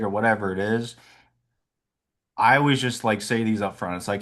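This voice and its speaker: A young man working as an insurance sales agent, talking in a low, laid-back, chill way. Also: fairly quick. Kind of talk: casual chat.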